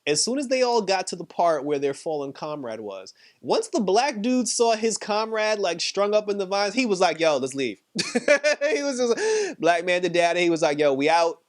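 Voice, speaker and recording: A man casually recapping a TV episode, chatty and quick to laugh, with lots of "like" and "you know.". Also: high-pitched, sing-song. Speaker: TV show reviewer.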